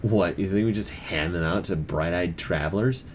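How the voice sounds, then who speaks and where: A man's voice: low-pitched, moderate pace, a little hiss or hum, lightly acted. A man playing a weary, sarcastic harbor master. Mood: sardonic. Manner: dry, sarcastic and grumbling.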